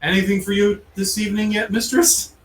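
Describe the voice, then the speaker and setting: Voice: mid-range voice, fairly even intonation, a little fast, reverberant, recorded from a distance, lightly acted. Game master playing a flustered French manservant. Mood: deferential. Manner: meek, deferential. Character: flustered, apologetic male French servant.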